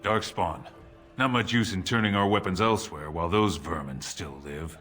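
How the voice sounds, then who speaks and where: An actor playing a weary, blunt male dwarf soldier in a video game, talking in gruff, clipped phrases. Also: sits low, normal speed, close to an everyday voice. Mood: plain, gruff. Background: game music.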